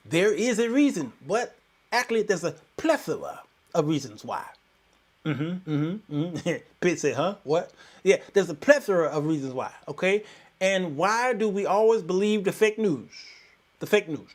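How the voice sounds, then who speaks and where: Animated, high-voiced man hosting a live stream. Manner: folksy, animated, preacher-like, greets viewers by name. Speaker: talk show host. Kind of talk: live-stream call-in chat with viewers.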